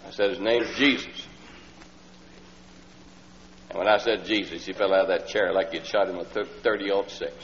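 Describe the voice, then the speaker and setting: A man preaching a folksy storytelling sermon and acting out the people in his story, sometimes rising to loud, pleading lines. The old LP recording is dull and lo-fi with a faint hum. His voice trails off into the long reverb of a large hall. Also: low voice, steady tone, moderate pace, long pauses.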